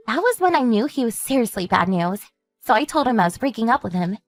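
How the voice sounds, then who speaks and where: Woman voicing a composed, high-voiced older sister. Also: sing-song, no echo, soft background music. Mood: steady. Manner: measured, explanatory storytelling. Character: calm woman warning her sister about a stalker ex. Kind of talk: animated story narration.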